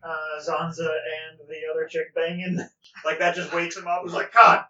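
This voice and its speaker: A man playing in a tabletop game, chatting casually and excitably and laughing often. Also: on the high side, normal speed, a little hiss or hum. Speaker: player. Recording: roomy, distant, lo-fi.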